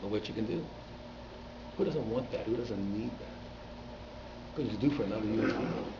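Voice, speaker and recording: A rabbi teaching a class at a community synagogue, telling stories animatedly and repeating words for emphasis. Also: male voice, on the low side, normal speed. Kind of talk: storytelling lecture. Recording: echoey, dull hall recording with faint noise.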